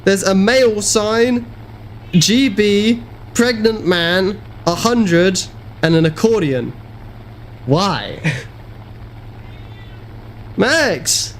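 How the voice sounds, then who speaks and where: A high-voiced man chats playfully on a live game stream, teasing his audience and cooing softly to his cat. His voice bounces around a roomy home space with a clear echo. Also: animated, very slow, pauses often, a little hiss or hum. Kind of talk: casual live-stream chat.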